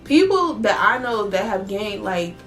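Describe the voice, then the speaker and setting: A young woman vlogger, telling her story in a blunt, profane, animated way. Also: mid-range voice, unhurried, faint music behind. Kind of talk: casual storytelling vlog.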